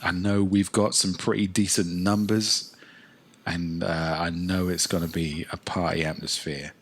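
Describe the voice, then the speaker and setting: A man's voice: low-pitched, flat delivery, measured pace, a little hiss or hum. A man from England with an English accent, co-hosting a podcast in casual, sweary, self-mocking banter. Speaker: podcast co-host. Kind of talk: casual chat.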